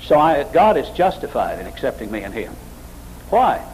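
A man preaching a sermon with emphatic, repetitive phrasing, climbing higher and louder as he mocks emotional worship. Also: very animated, moderate pace, slight background noise, rough recording. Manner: emphatic, repetitive, rises high when mocking emotional worship.

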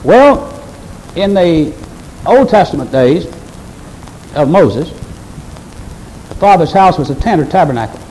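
A man's voice: on the high side, sing-song, a little slow, pauses often, darkish tone, a little hiss or hum, rough recording. A male pastor preaching a sermon earnestly and emphatically, speaking straight to his congregation.

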